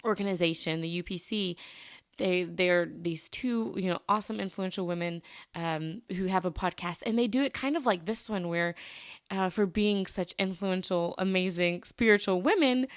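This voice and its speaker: A woman's voice: lowish voice, moderate pace, no echo, studio quality. A young adult woman hosting her own podcast, chatting casually in a bubbly, upbeat way with frequent laughs and happy exclamations. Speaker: podcast host. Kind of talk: casual solo podcast chat.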